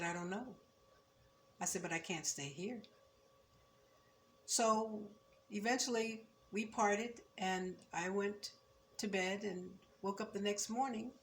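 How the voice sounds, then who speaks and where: An older woman in her seventies recalling her student years in a measured, reflective oral-history telling, turning firm when she speaks of injustice. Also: mid-range voice, slight background noise. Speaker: former student recounting memories.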